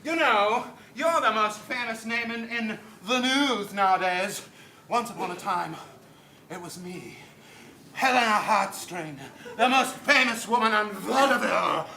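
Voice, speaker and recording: A man putting on a grand, imperious vaudeville diva, brassy and vain, in a high, gravelly voice. The sound comes from far off in an echoey room with noise behind it. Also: a little slow, pushed and bright, full character voice. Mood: flirtatious. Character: brash faded vaudeville star woman, grand and vain. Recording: echoey stage from far off, noisy.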